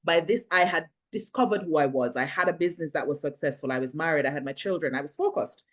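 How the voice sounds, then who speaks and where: A woman from the Caribbean, chatting as an interview guest and telling her story with lively asides. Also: deep voice, fast talker. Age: 30s. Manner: animated storytelling, mimics others in voice. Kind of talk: casual interview chat.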